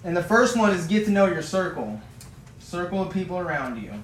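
A man's voice: sits high, very animated, fairly quick, reverberant, a little hiss or hum, rough recording. A male preacher giving a sermon, retelling a story in a folksy, vivid way and building to passionate emphasis.

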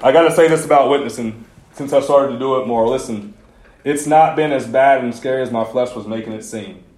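A youth pastor with a medium-pitched, darkish voice speaks fairly quickly during a sermon to a youth group. He's relaxed and conversational, sharing personal anecdotes peppered with slang, recorded in an echoey room.

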